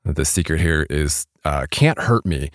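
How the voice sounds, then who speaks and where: A man with a low voice hosts a podcast interview, rambling a little and circling back through fillers and restarts. His voice sits close and dry on a studio mic, with no room around it. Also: animated, a little slow, no echo. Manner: rambling, self-deprecating, many fillers and restarts. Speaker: podcast host. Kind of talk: casual interview chat.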